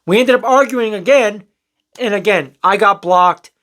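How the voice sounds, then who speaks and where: This young storyteller vlogger has a high-pitched, fairly bright voice and a moderate pace. Talking casually to camera, he relates a personal story in a frank, meandering way, with occasional swearing and acted-out quotes.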